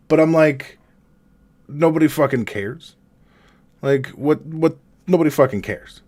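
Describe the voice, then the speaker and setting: A man streaming a raw, confessional monologue, halting and rambling with heavy swearing, emotionally distressed. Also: mid-range voice.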